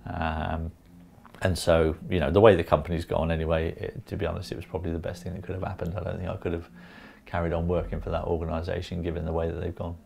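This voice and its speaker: A man in his fifties, a former football pundit, recounting events in a calm, unhurried way with lots of ums. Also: low-pitched, gravelly, slight background noise. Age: 50s. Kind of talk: casual interview.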